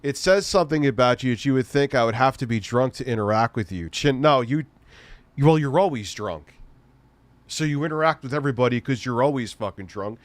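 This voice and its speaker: A man's voice: mid-range voice, animated, brisk, dry recording. Sarcastic, profane male streamer. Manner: profane, sarcastic ranting with frequent laughs. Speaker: streamer host. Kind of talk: casual livestream commentary.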